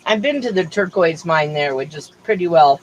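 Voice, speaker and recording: A woman's voice: low voice, lively intonation, normal speed, poor audio. Rambling middle-aged woman streamer. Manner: rambling, chatty, drifts between topics with fillers. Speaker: livestream host. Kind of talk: casual chat.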